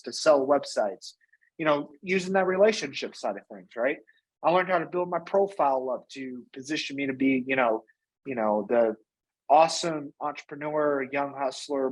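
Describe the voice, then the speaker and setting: A man being interviewed as a guest, telling his business story in a casual, energetic way and often tagging on "right?" and "you know". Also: medium pitch, husky, poor audio. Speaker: guest, company founder and CEO.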